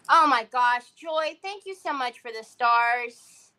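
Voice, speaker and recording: Middle-aged woman, crafting host, rambling chat, slow unhurried delivery, somewhat high voice. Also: animated, pushed and bright. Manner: chatty, rambling storyteller. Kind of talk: casual chat while crafting.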